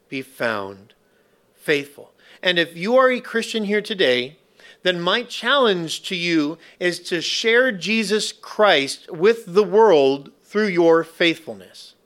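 A man preaching a sermon to a church congregation, with slow, emphatic phrasing broken up by playful asides. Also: high-pitched, fairly bright tone. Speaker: pastor.

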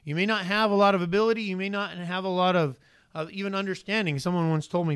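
A man in a slightly high register delivers a sermon as a pastor, talking to the congregation conversationally and pressing them with rhetorical questions. The sound is dry and close, with little room around it. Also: fast, a bit bright, clean tone, no room sound.

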